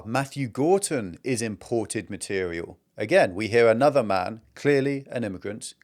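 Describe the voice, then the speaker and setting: A British man giving opinionated commentary over news clips, emphatic in his delivery. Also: mid-range voice. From Britain. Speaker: political commentator.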